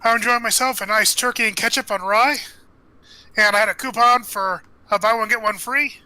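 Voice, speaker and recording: A man playing a friendly, easygoing young man in a tabletop game, upbeat and quick. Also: high voice, steady tone, pushed and bright, no echo, low-quality recording. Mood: content. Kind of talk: tabletop role-play voice.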